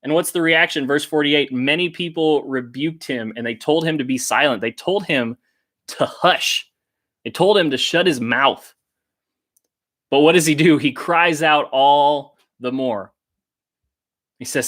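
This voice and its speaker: A man's voice: fairly high pitch, moderate pace, a bit bright. A youth pastor, a man, teaching a Bible story and speaking directly to young listeners in an earnest, repetitive way. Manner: earnest, addresses listeners directly, repeats phrases for emphasis. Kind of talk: sermon-style Bible teaching to teens.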